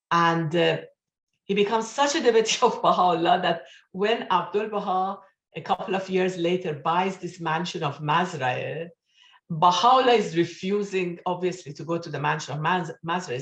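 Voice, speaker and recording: A woman giving an online talk, telling stories with excitement, acting out quotes, and laughing often. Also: mid-range voice, roomy sound. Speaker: speaker at an online study session. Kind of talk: animated storytelling talk. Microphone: video call.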